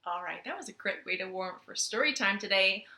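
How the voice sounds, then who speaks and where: A woman's voice: medium pitch, expressive, brisk, pushed and bright, echoey room. A young woman leading a children's storytime from her living room, playful and sing-song as she talks to the kids.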